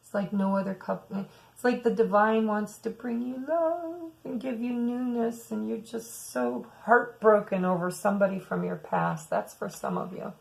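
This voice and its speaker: A woman's voice: mid-range voice, expressive, normal speed, creaky, rough recording. A woman giving a weekly tarot reading, musing aloud and speaking to her viewers as "some of you.". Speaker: tarot reader.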